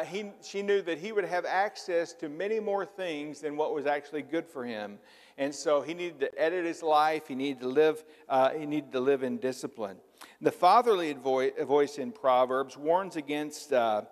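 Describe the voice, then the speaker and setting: Folksy middle-aged preacher with a light Southern accent. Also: male voice, a little high. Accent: slight Southern US. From southern Illinois. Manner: folksy, conversational, with frequent filler words. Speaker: pastor. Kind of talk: sermon. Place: church sanctuary. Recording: reverberant church hall.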